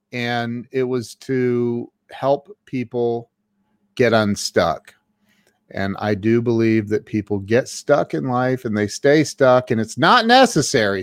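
Slow-talking male podcast host. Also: mid-range voice, dry recording. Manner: laughs easily, restarts phrases, slow deliberate delivery. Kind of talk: casual interview chat.

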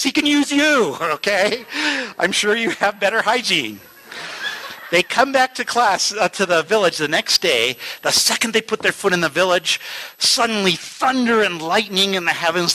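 A man preaching a sermon, telling stories in an animated way and acting out the people in them. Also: high voice, poor audio. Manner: animated, acts out quoted voices. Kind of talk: sermon with storytelling.

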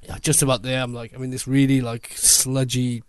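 A man, a photographer telling a lively story in casual chat and laughing often. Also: medium pitch, fairly quick, clean tone, dry recording. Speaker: photographer guest.

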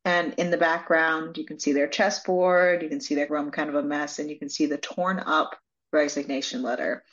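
A woman's voice: deep voice, fairly even intonation, moderate pace, fairly bright tone, lo-fi sound. A young woman co-hosting a casual book club podcast, retelling a romance plot loosely and swearing freely. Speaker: podcast co-host.

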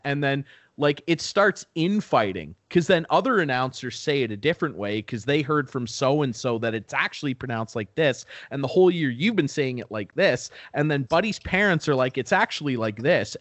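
A man's voice: on the high side, expressive, moderate pace, fairly bright tone, no echo. A young man who works as a local sports broadcaster, chatting loosely and animatedly with plenty of swearing. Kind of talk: casual podcast chat.

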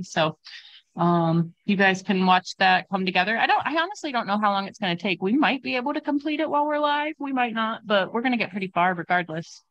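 A woman's voice: fairly low pitch, a bit bright, lo-fi sound. A woman co-hosting a casual live chat, talking in a chatty, upbeat way with lots of filler words. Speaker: artist and co-host.

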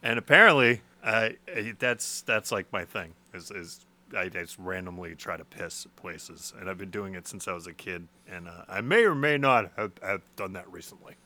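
A man's voice: low-pitched, lively intonation, moderate pace, hardly any pauses, bright, forceful tone, dry recording. A young adult man chatting casually, telling crude stories and swearing freely. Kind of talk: casual chat.

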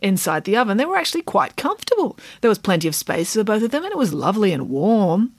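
A woman reading a comic children's story aloud with playful, expressive narration. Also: mid-range voice, fast, creaky, dry recording. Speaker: audiobook narrator. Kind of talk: scripted narration.

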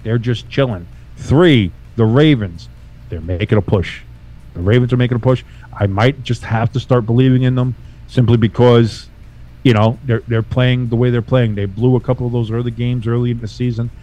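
A man hosting a casual sports podcast, talking loosely and profanely with bursts of animated emphasis. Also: medium pitch, normal speed, dull audio. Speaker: podcast host.

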